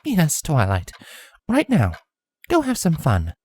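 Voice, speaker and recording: A man voicing a gentle, motherly princess mare who speaks softly and calmly. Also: on the high side, takes it slowly, husky, dry recording, soft background music, pitched above the performer's own voice, heavily acted. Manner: soft, calm and reassuring.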